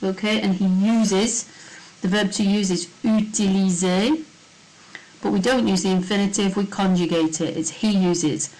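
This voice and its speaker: A woman's voice: mid-range voice, fairly even intonation, a little slow, a little mellow, poor audio. A woman French teacher, going over test answers in a recorded lesson and breaking each sentence into small steps. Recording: faint hiss.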